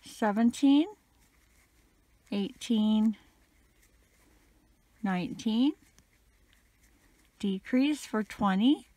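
Lady counting her crochet stitches real slow, bit crackly, dry close mic. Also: on the high side, dark tone, no echo. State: slightly crackly voice. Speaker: crochet instructor.

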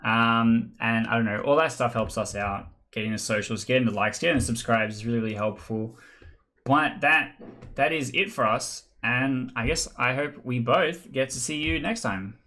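A man hosting a casual board game chat over an online call, talking in a relaxed, rambling way with restarts. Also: mid-range voice, normal speed. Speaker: channel host.

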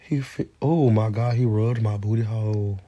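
Young man, husky, higher voice, dramatic gossip, phone livestream, dry sound. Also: normal speed, dark tone, no echo. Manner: dramatic, gossipy, sudden high shrieks and whispers. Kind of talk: casual storytelling on a livestream.

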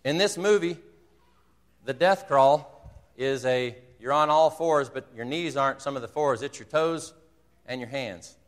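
A man's voice: mid-range voice, measured pace. Man preaching in a reverberant sanctuary. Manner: earnest storytelling, retells a movie scene with quoted dialogue. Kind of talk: sermon. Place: church sanctuary.

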